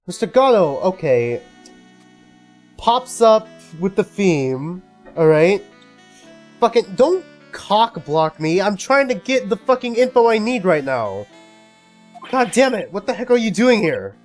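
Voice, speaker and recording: A man's voice: high-pitched, measured pace, soft background music. A man streaming a game, commenting casually with lots of swearing and exasperation. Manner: profane, exasperated, animated. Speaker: let's-play streamer.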